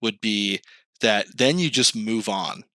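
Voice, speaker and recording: A young man hosting a podcast in casual chat, telling animated stories, swearing freely and acting out quoted voices in a higher pitch. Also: slow, no room sound. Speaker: podcast host.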